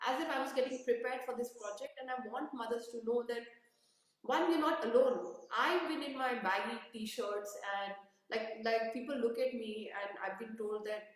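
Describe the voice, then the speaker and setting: A woman's voice: a little high, normal speed. A woman from India, a photographer, telling a story in casual chat with many restarts and asides. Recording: echoey room, distant mic.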